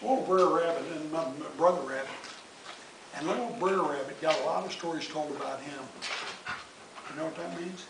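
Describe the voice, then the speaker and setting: A man telling folk tales to his family in an animated, folksy way. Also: a little high, normal speed, creaky. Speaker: family storyteller. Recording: distant echoey noisy home recording.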